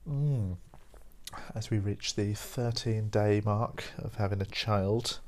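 A young man talks in a deep, low voice, sounding tired as he rambles through a casual solo chat. His manner is wry and self-mocking, like a podcast host thinking out loud. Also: slow pace.

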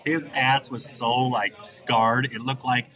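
A man's voice: medium pitch, steady tone, slow, pushed and bright. A man in his thirties, a podcast host telling a long story in casual chat, rambling and profane with lots of fillers. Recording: crowd chatter behind.

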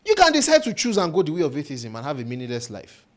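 Animated male preacher. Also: on the high side, quick pace. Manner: animated, mimics doubters in playful voices, asks the audience questions. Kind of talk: sermon.

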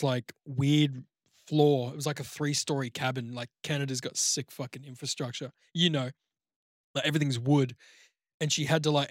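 An Australian-accented man co-hosts a podcast, rambling through a long, crude anecdote packed with swearing and "like" in a casual chat. His voice is mid-range, and the sound is clean studio audio with no echo.

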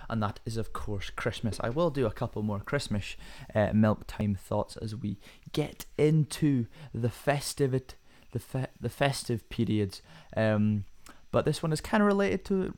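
A young man hosts a casual solo podcast in a lowish, slightly mellow voice that cracks at times. He rambles and runs himself down, with plenty of fillers and restarts.

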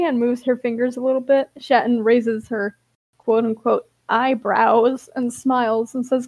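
A woman's voice: on the high side, steady tone, moderate pace, a little mellow, no room sound. A woman co-hosting a podcast, reading a roleplay aloud in a tired, amused way, laughing often. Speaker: podcast co-host.

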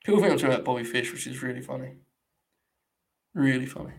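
A man's voice: mid-range voice, quick pace. A young man hosting a live stream, giving blunt, sarcastic, casual commentary and swearing freely.

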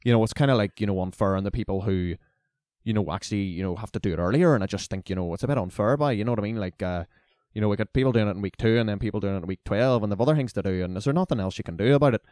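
A man's voice: fairly low pitch, racing, darkish tone, no echo, clean studio sound, close to an everyday voice. A man voicing a bold, chatty rural male classmate with a thick Northern Irish country accent, rambling through fillers and talking over everyone. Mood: insistent. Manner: rambling, filler-heavy, overfamiliar.

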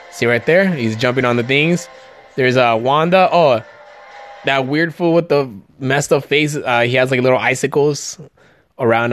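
A man hosts a podcast in a studio-quality recording with no echo, speaking at medium pitch. Casual and excited, he jokes and swears his way through a breakdown of a movie trailer, often stumbling on his words.

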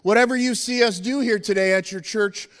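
A man's voice: sits high, fairly quick, a bit bright, in a large hall. Hyped American man rallying a church crowd. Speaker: touring strength team presenter. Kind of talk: energetic church stage presentation. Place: church hall with live audience. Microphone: handheld microphone.

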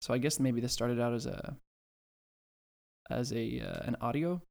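A man's voice: mid-range voice, fairly even intonation, normal speed, vocal fry, a little mellow. A man co-hosting a podcast in casual chat, rambling and hesitant, with lots of restarts and dry sarcastic asides. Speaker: podcast co-host.

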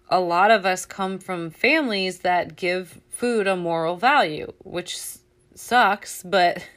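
A woman's voice: medium pitch, fairly bright tone. A woman hosting a casual motivational chat, talking candidly and loosely, with frequent laughs and plenty of swearing. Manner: candid, chatty, swears freely, laughs often.

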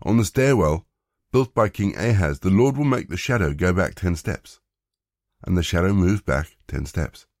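A man's voice: low voice, expressive, moderate pace, darkish tone, no room sound, studio quality. A man reading a stern old prophet. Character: stern old male prophet delivering divine warnings.

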